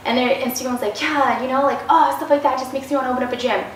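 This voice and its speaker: A woman's voice: high-pitched, fairly even intonation, racing. A woman guest in a casual interview, telling stories animatedly and acting out the quoted dialogue. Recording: roomy, distant mic, faint noise.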